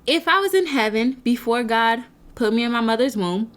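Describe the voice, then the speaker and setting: A motivational speaker who founded a nonprofit addresses the camera in an earnest, faith-based talk. Her voice is slightly high with lively intonation at a moderate pace, and she preaches to viewers, stacking rhetorical question upon rhetorical question.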